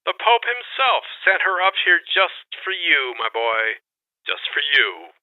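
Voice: mid-range voice, big pitch swings, a little slow. Narrator doing an older male cardinal, paternal and scolding, thin phone-line sound. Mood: reproving.

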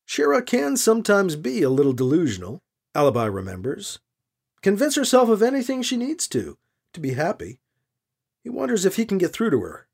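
A man reading a science fiction story aloud as narrator, expressive and animated. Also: high voice, fairly quick, creaky, slightly rough. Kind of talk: audiobook narration.

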